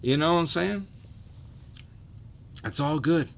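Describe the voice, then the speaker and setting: A man's voice: a little high, animated, slow, gravelly, a little hiss or hum. A man in his thirties hosting a casual livestream, loose and profane, often asking "you know what I'm saying". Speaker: livestream host.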